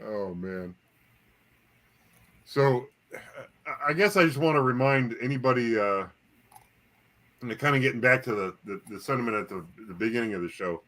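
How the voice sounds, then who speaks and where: Dude co-hosting a chat show, bright voice, kidding around with his buddy. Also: medium pitch, expressive. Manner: joking, halting, with restarts. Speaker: co-host. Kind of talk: casual podcast chat.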